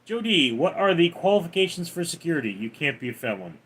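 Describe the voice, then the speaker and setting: A man's voice: on the high side, big pitch swings, fast talker, a bit bright, slightly rough. A man hosting a casual livestream, reading out chat names and answering them one by one in a drawl.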